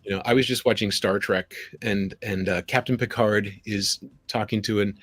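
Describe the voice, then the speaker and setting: A man speaking as a guest on a live stream, telling anecdotes in an animated way and acting out little quoted lines. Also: on the low side, normal speed, dry recording. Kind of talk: conversational live stream chat.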